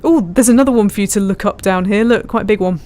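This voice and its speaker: Talking fast in a mid-range, darkish voice, a woman livestreams herself flying a simulator. She's chatty and giggly, casually commenting and reading her chat out loud.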